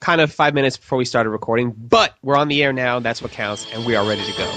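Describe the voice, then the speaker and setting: A man's voice: medium pitch, fast talker, music in the background. A man with a cold hosting a casual games podcast, with jokey, upbeat patter. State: sick with a cold. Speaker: podcast host.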